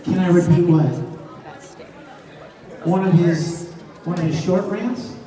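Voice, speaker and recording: A man's voice: high voice, slow. A man on a live convention Q&A panel, teasing and coaching a fan in a playful way, recorded on a phone from the audience. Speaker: voice actor answering fan questions on a convention panel. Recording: distant phone recording in an echoey hall with crowd noise.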